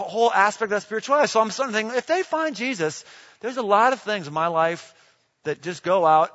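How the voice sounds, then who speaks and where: A man preaching a sermon in an animated way, firing off rhetorical questions, recorded in a large hall. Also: high-pitched. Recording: reverberant, dull lo-fi hall recording.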